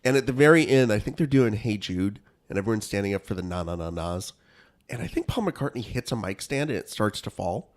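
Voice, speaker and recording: A man in his thirties co-hosting a podcast in casual, animated banter, jumping up in pitch when he quotes himself. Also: a little fast. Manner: animated, mock-conspiratorial, jumps pitch when quoting himself. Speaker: podcast co-host.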